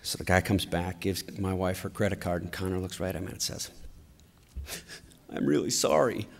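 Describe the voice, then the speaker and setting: A middle-aged man giving a storytelling political speech at a conference, with an animated, anecdotal delivery. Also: sits low, fast, a crowd in the background. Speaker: conference speaker. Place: large conference hall. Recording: long hall reverb.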